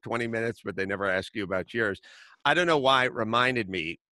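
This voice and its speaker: Podcast host, middle-aged man, bright forceful voice, dry close sound, storytelling rants. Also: lowish voice, no echo. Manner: storytelling, rants in quick bursts. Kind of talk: casual chat.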